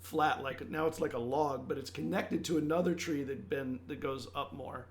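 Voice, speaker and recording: Gravelly man narrating as game master. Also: medium pitch, steady tone, moderate pace, slight background noise. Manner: loose, searching narration with many restarts. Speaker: dungeon master.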